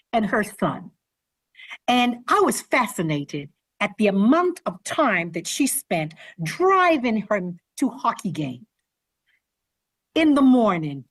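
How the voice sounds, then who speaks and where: A woman author telling a story to students, speaking to them directly as an animated storyteller. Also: mid-range voice, slightly rough, no echo, clean studio sound. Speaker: children's author visiting schools.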